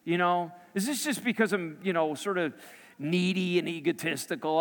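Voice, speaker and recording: A man preaching a sermon as a personal story, swinging between raised and hushed delivery. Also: high-pitched, normal speed. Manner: storytelling, dramatic shifts between loud and hushed. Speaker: pastor. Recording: long hall reverb.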